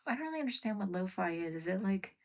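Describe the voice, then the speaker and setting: Woman on a home livestream, rambly chat, keeps telling off her pets, mid pitch. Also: very animated, fast. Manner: rambling, scolding her pets, soft muttered asides.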